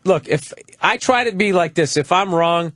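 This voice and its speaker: A man's voice: high voice, animated, moderate pace, a bit bright, no echo, clean studio sound. A middle-aged man on a radio talk show, telling stories in a rambling way. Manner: storytelling, rambling with restarts. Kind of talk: casual radio talk chat.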